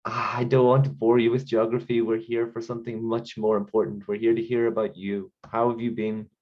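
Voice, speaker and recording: A calm therapist speaks in measured, soothing tones with a hint of condescension, as a man plays him in improv. His voice sits at an ordinary pitch. The audio is dull and lo-fi, like a video call. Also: lightly acted. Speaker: improv performer.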